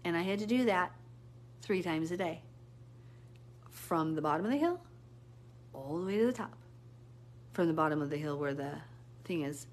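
Woman, lower pitch, casual live-stream chat, rambling, animated. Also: moderate pace, long pauses, slight background noise. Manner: chatty and rambling, answering viewer comments; animated storytelling with sudden pitch jumps. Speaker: Bible teacher hosting a live stream.

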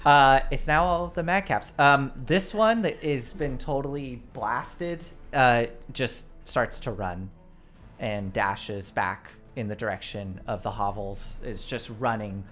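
A woman's voice: very deep voice, slow pace, fairly bright tone, soft background music. A woman narrating as the game master of a tabletop role-play stream, giggly and rambling with fillers, on a desk mic.

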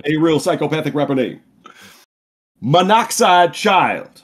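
A high, husky man hosts a podcast quiz game. He drawls slowly and swings his pitch all over while cracking crude, self-mocking jokes. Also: big pitch swings, a bit bright. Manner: crude, giggly, self-mocking, drawn-out delivery. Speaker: host running a quiz game. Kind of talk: loose comedic podcast banter.

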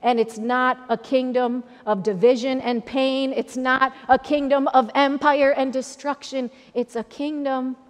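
A woman's voice: high voice, level tone, a little slow, few pauses. A woman pastor giving a sermon in a conversational, repetitive preaching style, with an Upper Midwest American accent. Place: church sanctuary. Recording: long church reverb.

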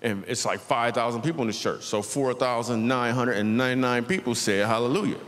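At a brisk clip, a mid-range male voice with a fairly bright tone delivers stand-up in a large church auditorium. The man, in his thirties, tells a story and acts out the voices. A little hiss or hum joins the reverberant hall's faint ambience.

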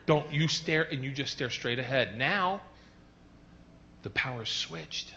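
A man doing a stand-up comedy bit, telling the story loudly and with animation, sometimes putting on a cop's voice. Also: medium pitch, slow. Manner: loud, animated storytelling with mock cop voices. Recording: dull lo-fi clip with faint noise.

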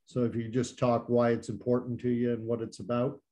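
A male interview host asking questions in a relaxed way, with hesitant restarts. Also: medium pitch, a little fast. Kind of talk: casual interview.

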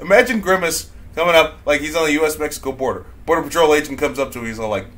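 A man's voice: fairly high pitch, very fast, few pauses, a bit bright. A man co-hosting a podcast, trading crude comedic banter and telling absurd bits with a giggle. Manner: giggly, tells absurd bits with silly voices. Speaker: podcast co-host.

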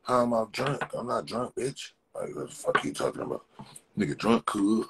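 A man's voice: fairly low pitch, very animated, moderate pace, vocal fry, a bit bright, slight background noise. A man hosting a casual livestream, ranting and mocking viewers in profane street slang, repeating himself. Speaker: livestream host.

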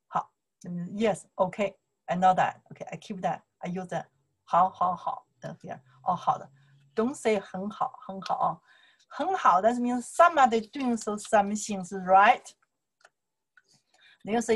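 Chinese-accented woman teacher, patient repeater, mid-pitched everyday voice. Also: unhurried, a bit bright, breathy edge. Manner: repeats phrases, simple broken English. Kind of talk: explaining to camera.

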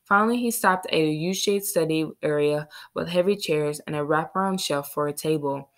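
A woman narrating a children's novel in a steady storytelling read. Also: low voice, moderate pace. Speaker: audiobook reader. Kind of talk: scripted narration.

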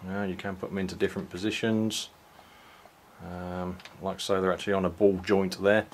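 This is a hobbyist toy reviewer, a man whose voice sits on the low side, walking through a product casually. His delivery is slow and stop-start, with frequent ums and false starts, and a faint hiss fills the room.

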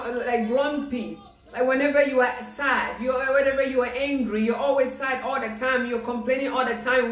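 Excited high-voiced woman preaching in an echoey room. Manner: excited, repetitive exhortation with acted-out quotes. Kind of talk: informal devotional sermon.

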